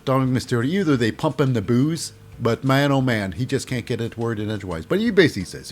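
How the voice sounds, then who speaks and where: A man's voice: mid-range voice, lively intonation, fast talker, hardly any pauses. A man giving a casual, jokey recap of a wrestling show. He rambles and fills his talk with "uh" and "you know".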